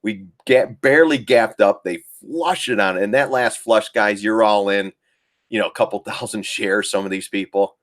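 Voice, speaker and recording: A man with a fairly low pitch talks at a moderate pace while hosting a live trading stream. He chats about charts in a relaxed way, laughs often, and mimics traders who are panicking, giving casual live commentary on the market.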